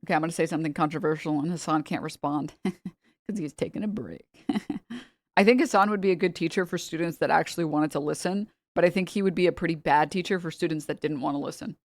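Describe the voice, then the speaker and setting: A young woman streamer chatting and joking through a reaction, laughing often between thoughts. Her voice sits fairly low for a woman, and the recording is dry and close to the mic. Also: fast talker, no echo. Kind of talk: casual reaction commentary.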